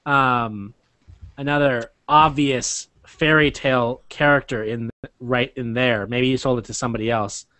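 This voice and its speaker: A man's voice: medium pitch, fairly even intonation, bright, forceful tone, no echo. Giggly man on a video call. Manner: laughs often, halting. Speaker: co-writer on a podcast. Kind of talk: casual brainstorming chat.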